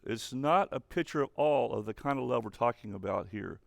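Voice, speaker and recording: Youth pastor, man, earnest and direct with teens, a bit of fry in the voice. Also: medium pitch, fairly quick, hardly any pauses, no echo, clean studio sound. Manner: earnest, speaks straight to teens. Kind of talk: online youth sermon.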